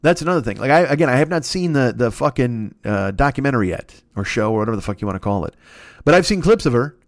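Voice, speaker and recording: A man's voice: mid-range voice, quick pace, no room sound, studio quality. A man hosting a solo podcast, ranting in a rambling, profane, comedic monologue. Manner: profane, rambling, excitable rant. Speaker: podcast host.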